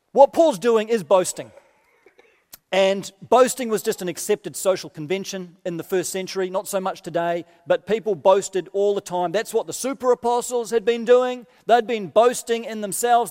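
A man preaching a sermon, animated and lively, acting out quoted voices with dry humorous asides. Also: high-pitched, long reverb tail. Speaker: pastor.

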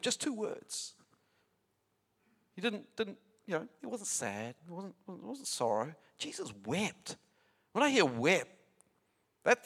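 Male pastor, high voice, chatty emphatic sermon delivery with repeats and asides.

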